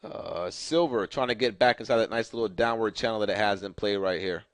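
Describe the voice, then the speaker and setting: This man speaks at a fairly low pitch and a fairly quick pace, recorded dry. Hosting as a market analyst, he walks through charts in a casual stock recap, rambling loosely with lots of filler and phrases he says again and again.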